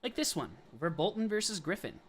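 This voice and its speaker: A young man hosting a casual livestream, chatting and giving quick verdicts with asides and laughs. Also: sits high, big pitch swings, fairly bright tone, faint music behind. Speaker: livestream host. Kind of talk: casual live-stream commentary.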